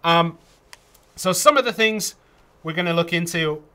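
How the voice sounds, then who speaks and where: A man's voice: fairly high pitch, measured pace, pushed and bright, smooth. A man from England co-hosting a casual livestream game tutorial, chatty with lots of ums and restarts. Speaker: community manager co-hosting a game tutorial stream.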